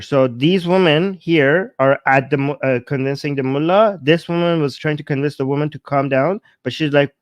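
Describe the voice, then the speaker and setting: Man commentator, pitched a bit high, stop-start delivery, translates as he goes, close dry recording. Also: dry recording. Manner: halting, with frequent restarts and repeated words. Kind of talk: casual commentary over a video.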